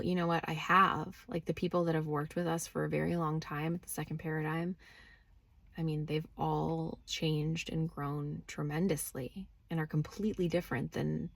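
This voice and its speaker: A woman's voice: sits low, vocal fry, no room sound. A woman talking casually to camera from inside her car with no external microphone, blunt and swearing freely as she questions herself. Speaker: spiritual vlogger. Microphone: no external microphone, phone or camera.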